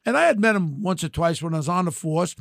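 Older ny guy telling war stories, loud and brash, dry close mic. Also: fairly high pitch, quick pace, creaky, no echo. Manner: animated, brash storytelling, acts out quotes. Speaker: podcast host. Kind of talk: storytelling chat.

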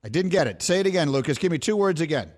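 A man's voice: on the high side, expressive, rapid-fire, slight background noise. A man hosting a sports call-in radio show, bantering playfully and teasing in a game-show manner.

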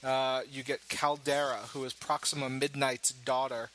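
A man hosting a casual chat about comic books, talkative and quick to laugh. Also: medium pitch, little pitch movement, a bit bright, a little hiss or hum, rough recording. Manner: chatty, laughs often. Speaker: podcast host.

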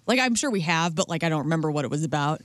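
Chatty mid-pitched radio co-host. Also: expressive, rapid-fire, no room sound. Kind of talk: casual morning radio banter.

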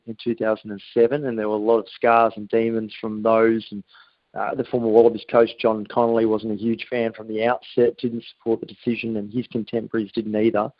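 A man with an Australian accent, a rugby journalist joining as a guest from abroad, talking in a measured, analytical way. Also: mid-range voice, no echo. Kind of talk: phoned-in interview. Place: remote, abroad, at night. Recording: dull lo-fi remote line.

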